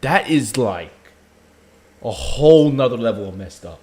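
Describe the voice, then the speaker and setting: A man's voice: medium pitch, lively intonation, unhurried, mellow. A man hosting a live stream, reacting to a video with blunt, profane, heated outbursts.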